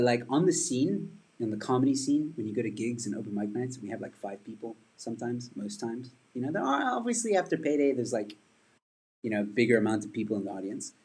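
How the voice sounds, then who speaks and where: Husky man, comedian host, loose rambling livestream chat with viewers. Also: medium pitch, darkish tone, low-quality recording. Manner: rambling, chatty, reads and answers viewer comments.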